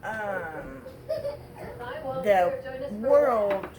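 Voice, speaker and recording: A woman's voice: mid-range voice, lively intonation, very slow. A woman chiming in casually to add details while her husband talks. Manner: interjecting, adds details. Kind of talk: casual chat. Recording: loud background chatter.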